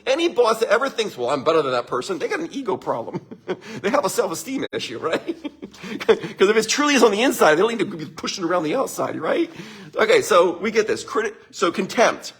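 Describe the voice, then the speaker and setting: Animated, husky man giving a talk. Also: high-pitched, fairly quick. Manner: animated, laughs often, addresses listeners directly. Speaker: speaker presenting relationship advice. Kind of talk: live talk to an audience.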